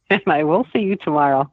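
A woman's voice: sits low, moderate pace, slightly rough, no echo. Homey mother on a muffled phone line. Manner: laughs often, homey. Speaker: host's mother, phone caller. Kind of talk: casual phone chat.

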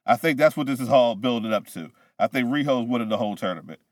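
A man's voice: medium pitch, lively intonation, fast, no room sound. A man co-hosting a casual wrestling podcast, thinking aloud and guessing at outcomes. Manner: speculative, thinks aloud with restarts. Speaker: podcast co-host.

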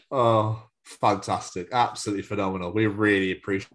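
A man's voice: fairly low pitch, fairly even intonation, moderate pace, a bit bright. A man guest on a casual podcast who swears freely and laughs often. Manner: swears freely, laughs a lot, self-deprecating.

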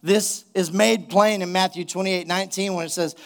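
A man's voice: sits high, fairly even intonation, normal speed, vocal fry, fairly bright tone. A man preaching a sermon as pastor, retelling a story casually before building to emphatic exhortation.

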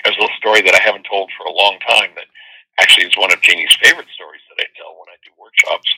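A man hosting a spiritual talk show with call-ins, teaching and telling stories, with animated quoted voices. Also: low voice, rapid-fire, slightly rough, rough recording. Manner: storytelling, animated quoting voices. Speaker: host and workshop teacher.

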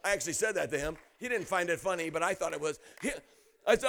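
Man preaching, high voice, gravelly, bright tone, shouts and acts out stories. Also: fast talker. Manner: animated, often shouting, acts out quotes and laughs. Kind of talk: energetic storytelling sermon.

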